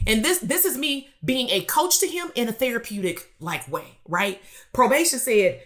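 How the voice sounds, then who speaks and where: A woman speaking gives a motivational live-stream talk as a business coach. Her voice is bright and forceful. She tells a blunt, streetwise story and drives her points home with rhetorical questions. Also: on the high side, lively intonation, moderate pace.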